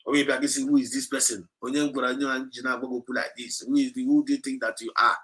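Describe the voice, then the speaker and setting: A man's voice: mid-range voice, little pitch movement, quick pace, bright, forceful tone. A man with a Nigerian Igbo accent preaching an exhorting livestream message, repeating his points and slipping between English and Igbo. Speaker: movement speaker.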